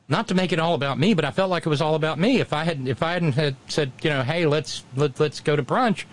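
A man hosting a radio show, chatting casually and telling stories in a halting way, full of restarts and wry asides. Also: on the high side. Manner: chatty storyteller, wry and self-deprecating. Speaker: radio host. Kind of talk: casual on-air chat.

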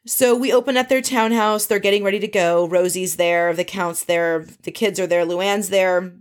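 A woman's voice: medium pitch, steady tone, moderate pace. A woman casually recapping a reality show episode, chatty and full of opinionated asides.

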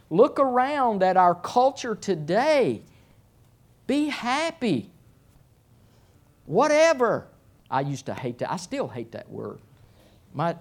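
A middle-aged man preaching a sermon as pastor, speaking slowly and deliberately. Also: a little high, a little mellow. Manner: slow, deliberate delivery.

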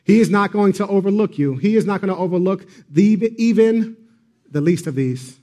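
A man's voice: high voice, animated, normal speed, warm tone. A man preaching a sermon, earnest and emphatic, repeating key phrases with occasional fillers. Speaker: pastor.

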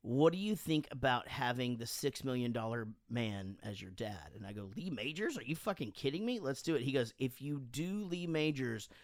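A man casually telling animated stories on a podcast, swearing freely and acting out quotes, sounding a bit drunk. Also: mid-range voice, a little fast, few pauses, dry recording, studio quality. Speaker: podcast host and band frontman. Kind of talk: casual storytelling chat.

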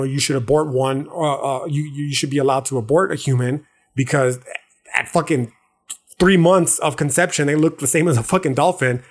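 A man hosting a podcast, talking through philosophy in a loose, profane, slangy monologue that keeps checking in with the listener. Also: mid-range voice. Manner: profane, slangy, loose street-talk delivery; frequent restarts and check-ins like "okay" and "right". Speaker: podcast host.

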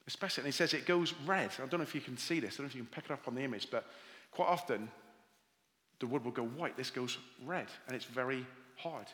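A man's voice: mid-range voice, quick pace. A man with a Welsh accent preaching a sermon as pastor, telling stories and reading scripture aloud. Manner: warm storytelling with scripture readings. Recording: long hall reverb.

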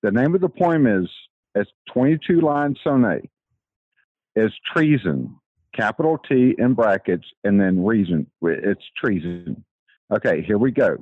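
Texan man, caller, lively pitch, slow unhurried delivery, dull lo-fi phone sound, dry. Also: breathy edge, no room sound. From Texas. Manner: rambling, animated, then slow measured recitation. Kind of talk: phone call, reading his own poem.

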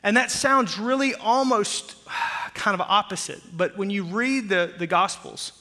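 A man in his forties from Oklahoma preaches in a church, telling jokey stories with animation. His voice is bright and sits fairly high. It rings with a long reverb through the hall. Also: a little slow. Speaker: pastor. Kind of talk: sermon. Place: church sanctuary.

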